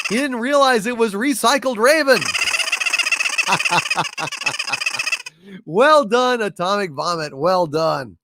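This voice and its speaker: A man's voice: sits high, slow pace, long pauses, heavy background noise. A man hosting a casual live stream, telling jokes and reading viewer messages aloud. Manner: animated, reads viewer messages and tells jokes. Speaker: livestream host.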